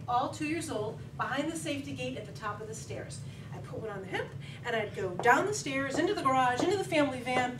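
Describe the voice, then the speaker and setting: A middle-aged woman giving a humorous contest speech, telling a lively story with laughing asides. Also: high-pitched. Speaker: contest speaker. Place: meeting hall with audience. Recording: echoey hall, distant mic, background noise.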